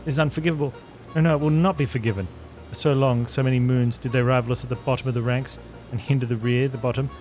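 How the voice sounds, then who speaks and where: A man voicing a nervous little kobold creature that repeats every phrase with three synonyms, reading game dialogue over loud game music. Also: mid-range voice, steady tone, fast, hardly any pauses, natural voice. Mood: indignant.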